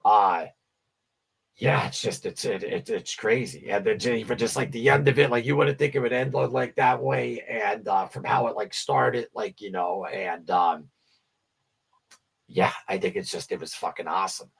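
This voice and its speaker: Gravelly, rambling man chatting on a livestream. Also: on the low side, moderate pace. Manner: rambling, stammering, swears freely. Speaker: livestream co-host. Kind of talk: casual chat about music.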